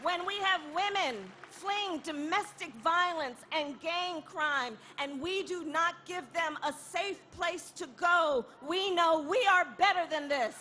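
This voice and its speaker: Slow, bright-voiced woman rallying a crowd. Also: very high-pitched, slight background noise. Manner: repeats a refrain, building to shouts. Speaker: rally speaker. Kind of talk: impassioned protest rally speech. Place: outdoor rally.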